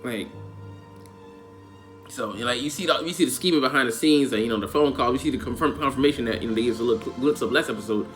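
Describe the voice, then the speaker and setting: A man talks through an anime episode in a loose, rambling way, thick with slang and filler words. He sounds emotionally worked up but keeps it conversational, with his pitch sitting in a middle range. Faint background music plays behind him. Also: quick pace, fairly bright tone. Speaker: anime reviewer. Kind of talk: casual episode review.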